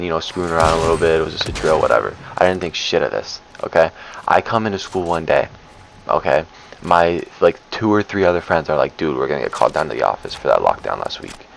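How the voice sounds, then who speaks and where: Young male vlogger, low creaky voice, loose and profane, fillers everywhere. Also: a little hiss or hum, poor audio. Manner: rambling, profane, lots of fillers. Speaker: storyteller vlogger. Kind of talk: casual storytime.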